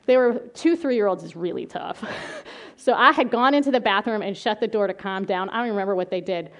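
A middle-aged woman giving a talk on calming angry children, telling lively stories from her own family and work, often laughing and acting out the children's voices. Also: mid-range voice, fairly quick. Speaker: child behavior specialist giving a parenting talk. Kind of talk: presentation with slides.

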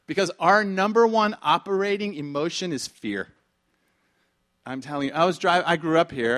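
A man preaching a sermon in a conversational way, full of rhetorical questions and repetition, swinging from quiet asides to shouted emphasis. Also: on the high side. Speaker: pastor.

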